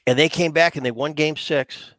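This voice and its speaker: A man who is a former player and co-host, talking baseball in casual, animated chat full of restarts. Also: a little high, moderate pace, no room sound. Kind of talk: casual sports talk.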